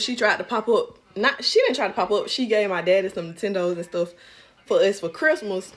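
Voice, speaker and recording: A woman's voice: medium pitch, a little fast, soft background music. A young woman telling a casual storytime, blunt and profane, acting out the quotes.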